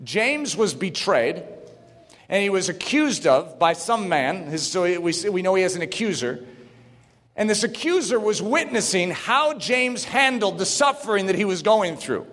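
Male preacher, sermon delivery, fervent and shouting at peaks, high-pitched, long hall reverb. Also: unhurried. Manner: builds from calm teaching to shouted preaching; reads quotes aloud, jokes with the congregation.

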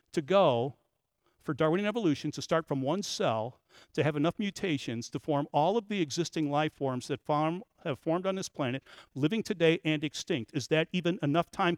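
A man's voice: a little high, dry recording. A man giving a talk on biblical archaeology, telling a story to an audience and rising to emphatic peaks.

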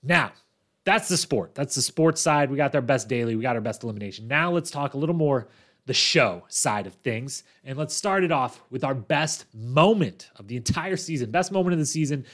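A man hosting a podcast, recapping a reality competition season in a chatty, animated storytelling way with quick asides. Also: mid-range voice. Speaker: podcast host.

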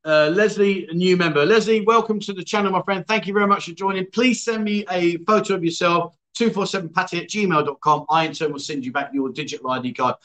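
A man's voice: sits high, quick pace, few pauses, fairly bright tone, rough recording. A man hosting a casual livestream, reading out viewer comments and teasing his guests. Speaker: livestream host.

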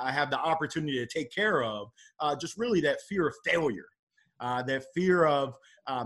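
A man's voice: on the high side, a bit bright. A middle-aged man speaking as a podcast guest in a casual, upbeat and motivational way about faith and his work.

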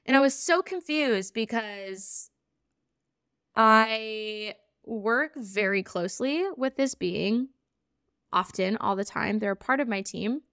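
A woman hosts a podcast and tells a personal story as a spiritual practitioner. Her voice sits a little high, bright and smooth, and she tells it in an earnest, animated way, acting out each remembered conversation. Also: takes it slowly, no room sound, studio quality.

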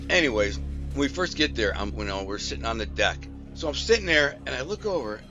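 A man's voice: medium pitch, bright, forceful tone, lo-fi sound. A man casually telling a personal story in a rambling, slangy way, full of fillers and restarts.

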